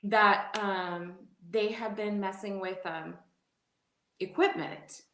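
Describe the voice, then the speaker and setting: An animated woman in her forties recounts a memory as an interview guest. She laughs easily and restarts her sentences. Her voice rings with noticeable room echo. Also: mid-range voice, slow pace, a little hiss or hum. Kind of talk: casual storytelling interview. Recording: echoey room.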